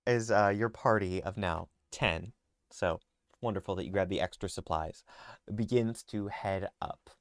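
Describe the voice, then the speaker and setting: A man narrating as game master of a tabletop game, relaxed and loose, with many fillers. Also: deep voice, unhurried, dry recording, studio quality.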